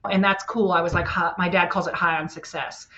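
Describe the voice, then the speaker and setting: Blunt, profane woman lawyer talking fast. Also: fairly low pitch, lo-fi sound. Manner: blunt, profane, animated storytelling. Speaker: guest, family law attorney. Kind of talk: candid podcast interview.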